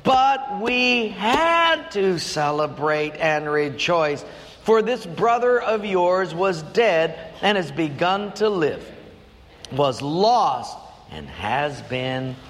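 A man's voice: on the high side, sing-song, fairly bright tone, slight background noise, full character voice. A pastor playing a loving, earnest father. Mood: tender. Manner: slow, raised and earnest. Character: loving older father, gentle and firm. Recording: long church hall reverb.

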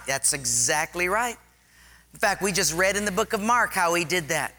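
A man preaching a sermon, telling stories with lively acted-out scenes. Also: high-pitched, moderate pace, long reverb tail. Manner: animated storytelling, acts out scenes.

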